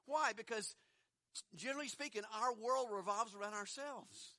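High bright-voiced male preacher. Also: moderate pace, no room sound, clean studio sound. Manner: conversational, rhetorical questions, chuckles between points. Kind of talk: sermon.

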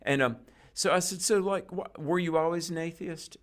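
This is a man's voice, on the high side and at normal speed: a guest preacher recounting a story in a conversational way. He brings it to life by acting out what the characters say.

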